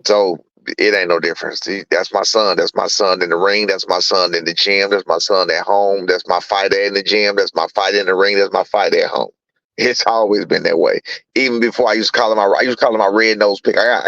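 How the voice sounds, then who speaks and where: A middle-aged boxing trainer speaks bluntly in a casual interview, circling back to his points and cursing freely. His voice is forceful and bright. The sound is dry, close and slightly muffled. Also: on the low side, a little fast, dry recording. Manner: blunt, repetitive, swears freely.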